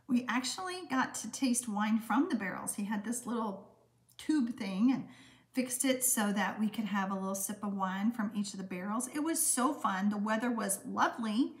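A woman in her sixties hosting a live-stream craft demonstration, chatty and friendly, with lots of "um" fillers. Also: medium pitch. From Texas, USA. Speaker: card-making host.

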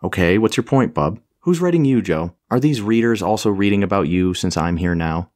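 A man's voice: lowish voice, animated, brisk, a little mellow, close to an everyday voice. A man voicing a proud, powerful warrior queen and sorceress in an audiobook, cold and commanding. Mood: demanding. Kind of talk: audiobook character voice.

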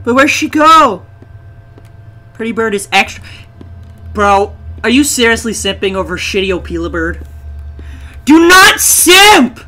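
An excitable, jokey streamer giving live gameplay commentary, swinging into mock wailing. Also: medium pitch, moderate pace, pauses often.

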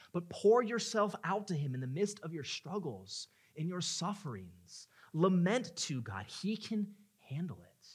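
A male pastor preaching a sermon, dropping to hushed tones and rising into loud, impassioned pleading. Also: mid-range voice.

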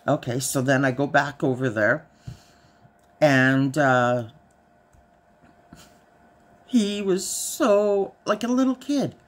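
A woman's voice: a bass voice, slow, long pauses. A middle-aged woman chatting casually in a vlog, telling a story with a lot of "I said" and a dry delivery. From Canada. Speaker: haul vlogger.

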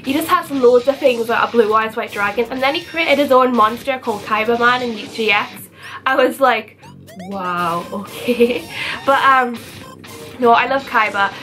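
A young woman with a fairly high voice gushes her way through a chatty vlog. She talks casually and excitedly, breaking into gasps and playful outrage. Soft music plays faintly underneath. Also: moderate pace. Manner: gushing, animated fangirl talk with gasps and mock outrage. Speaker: vlogger.

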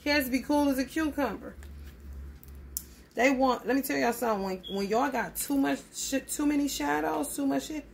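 A woman gives a loose, casual tarot reading in a gravelly, creaky voice. She talks bluntly and swears often, calling her listeners honey. A faint hiss of noise sits under her voice. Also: high-pitched, moderate pace. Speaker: tarot reader.

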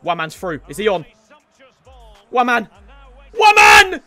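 Excitable high-voiced gamer screaming at goals. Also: male voice, a little fast, faint music behind. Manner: pleading with his players, running commentary. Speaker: gaming YouTuber. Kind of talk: excited gameplay commentary.

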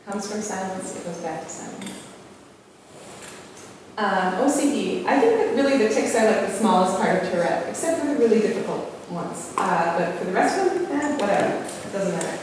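A woman's voice: medium pitch, expressive, normal speed. Woman speaking in an echoey hall. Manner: candid, conversational, frequent fillers. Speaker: parent giving a talk. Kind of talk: informal presentation to an audience. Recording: echoey hall, far from mic, room noise.

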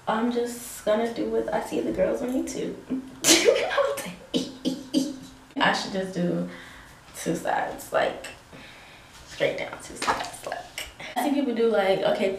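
A young woman vlogging to camera, nervous and excitable, exclaiming and laughing as she talks. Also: on the high side, noisy background. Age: young adult. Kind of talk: casual vlog talk to camera. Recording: echoey room, some distance from mic.

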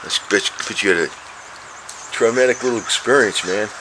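Guy talking to his cats on a camera, lowish voice, chuckles a lot, noisy outdoor audio. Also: a little fast, pushed and bright. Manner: rambling, chuckling, talks to the cats in a high coaxing voice. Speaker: vlogger. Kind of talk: casual talk to camera while filming cats. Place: outdoors near steps.

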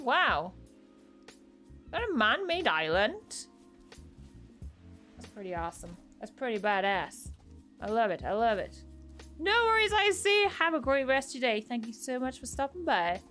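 A woman's voice: on the high side, lively intonation, measured pace, pauses often, fairly bright tone, soft background music. A young woman chatting casually while streaming a game, thanking viewers by name and laughing at her own confusion. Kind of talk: casual live-stream chat while playing.

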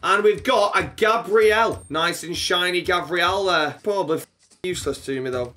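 Excitable guy ripping card packs. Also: high-pitched, normal speed, soft background music. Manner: swears a lot, shouts when excited, mutters when cards are poor. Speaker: vlogger opening football card packs. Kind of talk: excitable card-opening commentary.

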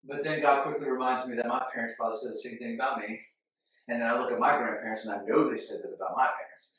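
A man preaching a sermon as a pastor, animated, with his delivery swinging from loud to hushed. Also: mid-range voice, quick pace, recorded from a distance. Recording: echoey church hall from off-mic.

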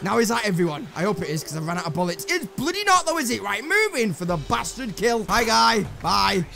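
An English man giving excitable, swearing let's play commentary to himself while he plays, with game music behind him. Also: high voice, fairly quick, creaky. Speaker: gameplay commentator.

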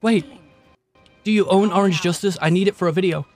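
Fast, high, bouncy young man. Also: a little mellow, soft background music. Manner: fast banter, laughing, swearing. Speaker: co-host playing a game. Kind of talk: casual gaming chat.

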